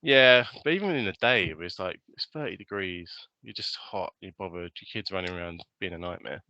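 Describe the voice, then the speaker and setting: A young British podcast co-host with a low voice talks briskly in British English on a lo-fi recording with no room sound. He keeps the conversation casual, telling lively stories and putting on impressions of others.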